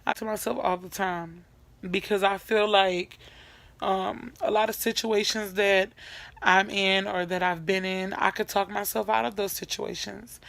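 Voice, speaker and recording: A woman's voice: mid-range voice, gravelly, a bit bright, dry recording. A young woman chatting casually in a get-to-know-me vlog from her bed at night, rambling with many fillers and repeating herself. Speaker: vlogger.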